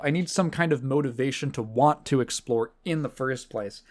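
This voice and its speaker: A man's voice: mid-range voice, fairly even intonation, brisk, few pauses, a little mellow. A man hosting a podcast in casual chat, rambling and sardonic, swearing freely with lots of fillers and restarts. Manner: fillers and restarts, mocking quoted voices. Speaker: podcast host.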